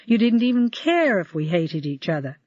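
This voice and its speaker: A woman's voice: medium pitch, big pitch swings, moderate pace, darkish tone, no room sound. Brief: narrator as a grim young woman scolding her dad, muffled recording. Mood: reproachful. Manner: firm, reproachful. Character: young adult daughter, defiant and grim.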